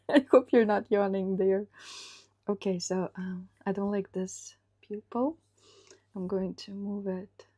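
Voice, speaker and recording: Slow, husky woman musing while drawing. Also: mid-range voice, level tone, warm tone. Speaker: illustrator. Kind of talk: live drawing session commentary.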